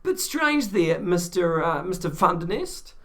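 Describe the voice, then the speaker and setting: A man with a New Zealand accent doing excitable, joking amateur play-by-play rugby commentary. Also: high-pitched, unhurried, a little hiss or hum. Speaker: fan commentator.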